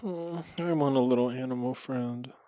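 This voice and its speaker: A man co-hosting a casual comedic podcast, bantering with swearing, quick to give up and poke fun at himself. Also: mid-range voice, warm tone. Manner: quick to concede, self-deprecating, swearing banter. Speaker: podcast co-host.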